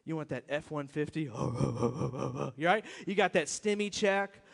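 A middle-aged pastor, his voice on the high side, slow-paced and touched with vocal fry, preaches a conversational, emphatic sermon. He often poses rhetorical questions to his listeners, in a church hall with long reverb.

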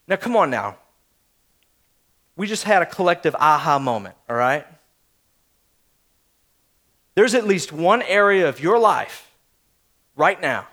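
A man's voice: on the high side, sing-song, measured pace, pauses often, fairly bright tone. A man in his thirties preaching a sermon, telling family stories in a casual, conversational way and speaking straight to his listeners. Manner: storytelling, conversational, speaks to the audience. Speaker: pastor.

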